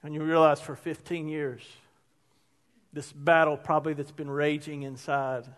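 A man's voice: a little high, little pitch movement, moderate pace. A male pastor preaching a sermon in a conversational, emphatic way, weaving in personal stories.

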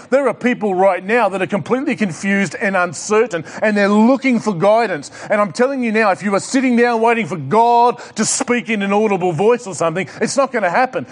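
High-voiced pastor preaching with urgency. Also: male voice. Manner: emphatic preaching that builds to loud, urgent exhortation; repeats key statements and asks the congregation questions. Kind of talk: sermon.

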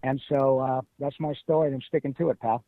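A middle-aged man from Detroit, telling stories as an interview guest in an animated, emphatic way. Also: mid-range voice, fairly quick, dry recording. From Detroit, USA. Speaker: guest voice actor. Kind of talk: casual interview. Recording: tinny phone-like line.

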